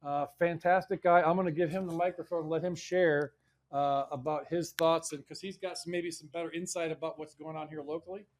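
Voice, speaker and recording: A man's voice: on the high side, fairly even intonation, fairly quick. Rambling man host at a live event. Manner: rambling, repeats words, swears casually. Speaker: show host. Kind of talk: casual talk at a live event. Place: indoor venue in front of an audience.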